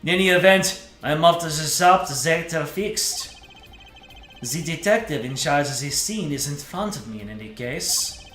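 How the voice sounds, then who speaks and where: Man doing a smooth German rock-star prosecutor. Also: on the high side, lively intonation, moderate pace, a bit bright, echoey room, faint music behind. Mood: breezy. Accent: put-on German. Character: suave young male rock-star prosecutor.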